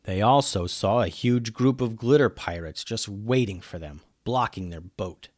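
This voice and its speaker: Man reading a kids' adventure tale. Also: unhurried. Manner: lively, dropping low on speech tags. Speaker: storyteller. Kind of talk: reading a children's adventure story.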